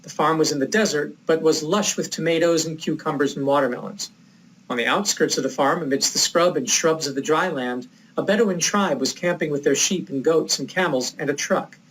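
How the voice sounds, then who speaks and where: A man from the United States giving a recorded lecture, telling a personal story in a reflective, measured way. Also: a little high, a bit bright, a little hiss or hum, low-quality recording.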